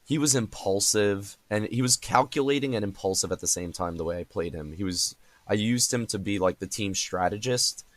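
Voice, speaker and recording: A man's voice: lowish voice, moderate pace, no echo. A young adult man hosting a podcast in casual conversation, rambling with many fillers and restarts. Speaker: podcast host.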